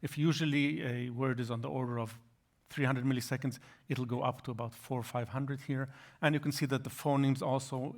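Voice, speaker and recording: Guy lecturing over slides, mid voice, keeps restarting his sentences. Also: medium pitch. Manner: explanatory, halting with frequent restarts. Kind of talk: academic lecture.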